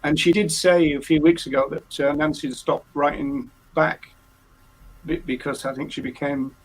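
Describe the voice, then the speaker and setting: Male host, fairly high voice, hesitant and full of fillers, faint hum behind. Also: steady tone, poor audio. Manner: halting, many restarts and fillers. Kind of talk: casual live-stream chat.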